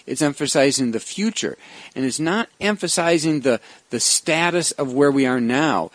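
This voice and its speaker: A man's voice: a little high, expressive, moderate pace, fairly bright tone, no room sound. A male pastor leading a Bible study discussion, explaining verses reflectively with frequent restarts.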